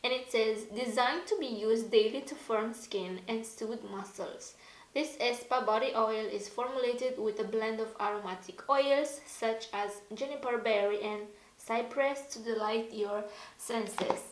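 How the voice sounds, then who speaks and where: Slow, chatty woman vlogger in echoey room. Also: fairly high pitch. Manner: chatty, easily excited, gasps and laughs often. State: slightly hoarse. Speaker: beauty vlogger. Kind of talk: casual unboxing chat.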